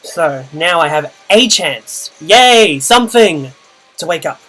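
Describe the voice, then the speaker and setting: Young male host, slightly high voice, dry muttered play-by-play, soft music bed underneath. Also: unhurried, low-quality recording. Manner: muttered, dry running commentary with groans and sighs. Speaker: channel host and player. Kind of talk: live gameplay commentary.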